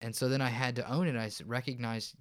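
Man, counselor guest, smooth resonant voice, easy explanatory storytelling. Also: medium pitch, fairly even intonation, quick pace, a bit bright. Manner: explanatory, storytelling, many restarts. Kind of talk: podcast interview.

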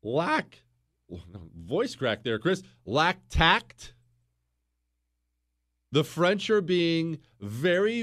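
A man's voice: on the high side, a bit bright. A middle-aged man hosting a history podcast, telling the story casually and acting out quoted exchanges.

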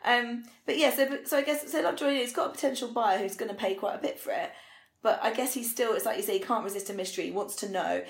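A woman's voice: on the high side, fast talker, roomy sound. A woman co-hosting a podcast, chatting enthusiastically and thinking aloud as she recaps a TV episode. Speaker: podcast co-host. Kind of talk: casual chat recapping a TV episode.

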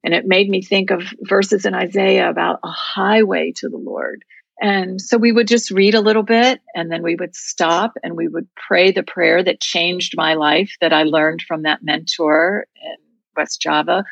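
Gravelly husky woman telling a heartfelt story. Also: fairly low pitch, fairly even intonation, measured pace, no echo, muffled recording. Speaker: interview guest. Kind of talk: storytelling in a faith interview.

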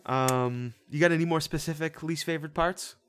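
A man's voice: on the high side, normal speed, a bit bright, clean tone. A man co-hosting a casual movie review chat. He rambles and stumbles over his words, swearing casually. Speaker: podcast co-host.

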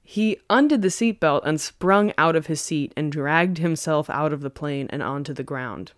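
A woman's voice: sits low, normal speed, dry recording, clean studio sound. A woman hosting a podcast, telling a story in a chatty, casual way and laughing often. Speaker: podcast co-host.

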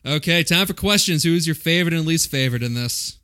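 A man's voice: fairly high pitch, expressive, fast talker, pushed and bright, no room sound, clean studio sound. A man hosting a casual podcast chat, laid-back and chuckling as he leads the questions. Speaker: podcast host.

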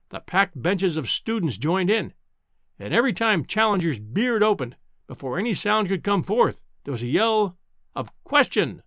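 A man reading a classic novel aloud as an audiobook narrator, measured and expressive. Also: sits high, dry recording, clean studio sound.

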